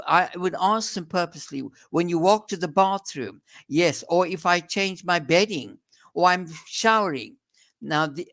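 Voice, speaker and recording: A man's voice: high-pitched, fairly bright tone. A man with a South African accent, a doctor explaining in an interview, earnest and emphatic, often restarting his sentences.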